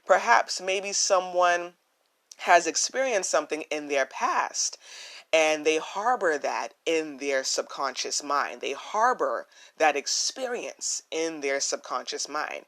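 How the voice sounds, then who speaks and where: A young woman with a naturally low voice, hosting a solo podcast, earnest and reflective, often repeating her phrases for emphasis. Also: a bit bright. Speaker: podcast host.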